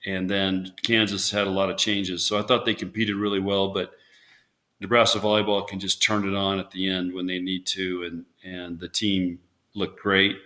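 Guy with a low but bright punchy voice, chatty ex-coach, rambles and restarts a lot. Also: little pitch movement, moderate pace. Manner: rambling storyteller, many restarts, acts out quotes. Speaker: former volleyball coach, guest. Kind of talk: casual interview chat.

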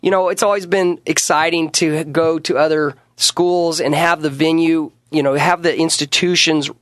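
A man's voice: fairly high pitch, fairly even intonation, normal speed, fairly bright tone, no room sound. A middle-aged man, a wrestling coach, talking casually and earnestly in a radio studio interview, often restarting and repeating himself.

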